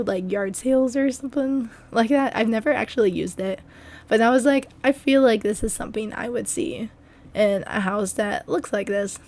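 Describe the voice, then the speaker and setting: Hoarse young woman, chatty voice-over. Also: medium pitch, a little mellow. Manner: chatty and rambling. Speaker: video game building creator. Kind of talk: casual voice-over commentary.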